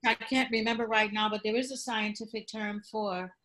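A woman from London with an American accent, chatting as a guest on a podcast interview, lively and quick to laugh. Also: medium pitch, a crowd in the background. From London, England. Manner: lively, laughs often, slips into playful voices. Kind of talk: casual interview chat.

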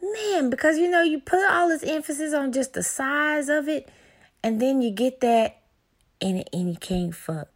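Loud mouthed woman, AAVE, cussing thru a comedy rant, kinda high voice. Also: unhurried. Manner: brash, animated, profane. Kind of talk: explicit comedic monologue.

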